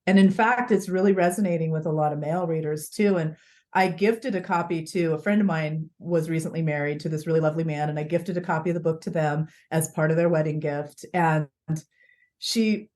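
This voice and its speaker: A woman author being interviewed as a podcast guest, telling stories in an earnest, animated way. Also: low-pitched, a little fast.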